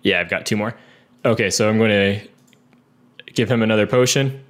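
A man's voice: on the low side, moderate pace, fairly bright tone. A man playing a tabletop game, explaining his turn hesitantly with fillers. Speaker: player.

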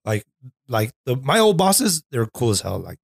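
A man's voice: medium pitch, sing-song, normal speed, gravelly, no room sound, clean studio sound. A man in his thirties who works as a DJ, talking easily on a podcast and laughing often. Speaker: DJ guest. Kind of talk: casual chat.

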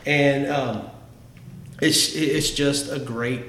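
On a podcast, a male host chats casually and enthusiastically about his favorite songs, often restarting his sentences. His mid-range voice holds a steady tone with drawn-out words and a slightly bright quality. The room is echoey, with faint background noise.

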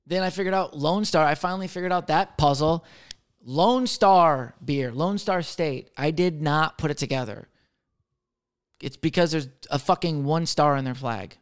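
A man in his thirties, a comedian hosting a podcast, rambling casually with lots of swearing and jokes, swinging from loud to mumbled. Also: on the high side, moderate pace, clean tone. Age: 30s. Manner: profane, jokey, rambling, jumping between loud and mumbled.

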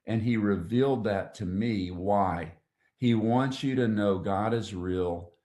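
Male podcast guest, lowish voice, emotional testimony storyteller, roomy echo. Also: dark tone. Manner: earnest, emotional, halting with restarts. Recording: echoey room.

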